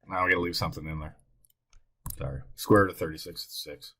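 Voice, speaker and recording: A man teaching a recorded math lesson, thinking aloud as he works and talking to himself in an excitable way. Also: deep voice, normal speed, husky.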